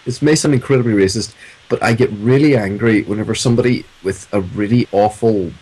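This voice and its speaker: Wry low-voiced Irish man. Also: a little mellow, breathy edge, poor audio. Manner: wry, quick joking with put-on customer voices. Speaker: co-host. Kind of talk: casual banter.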